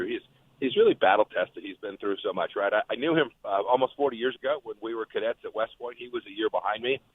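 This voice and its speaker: A man's voice: low-pitched, husky, no room sound. A man, a former official, confidently answering questions in a phone interview. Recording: tinny phone line.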